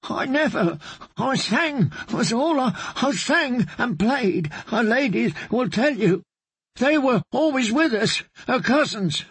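A man voicing a terrified young male singer who pleads in a high, breaking voice. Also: sing-song, slow, fairly bright tone, husky, dry recording, heavily acted. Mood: pleading. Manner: high, breaking, sobbing pleas.

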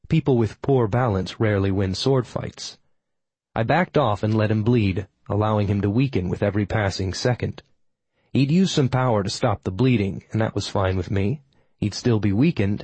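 A man's voice: on the low side, darkish tone, slightly rough, no echo, low-quality recording. A man reading a first-person fantasy audiobook in a wry, sardonic storytelling manner. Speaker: audiobook narrator.

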